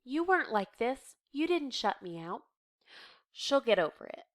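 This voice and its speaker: A woman's voice: on the high side, very animated, a little slow. A woman reading as a soothing older sister.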